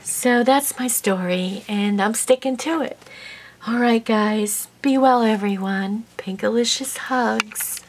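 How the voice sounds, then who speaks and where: A woman's voice: fairly high pitch, slow, a little hiss or hum. A woman vlogger telling a heartfelt personal story to her viewers in a casual, rambling way, with many fillers and an emotional, sometimes tearful tone. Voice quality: warm, emotional, tearful at times.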